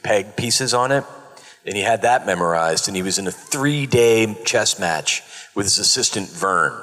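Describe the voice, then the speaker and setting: A middle-aged man, a former children's TV host, telling animated stories on a convention panel. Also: on the low side. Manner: animated, laughing storyteller who acts out quotes. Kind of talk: casual panel storytelling. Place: large convention hall. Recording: long reverb of a convention hall.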